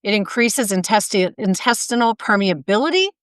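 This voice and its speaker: A woman's voice: mid-range voice, animated, normal speed, clean tone, no echo. A woman hosting a solo health podcast, talking informally with asides and self-corrections, a little tired and tongue-tied. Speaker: podcast host and health coach.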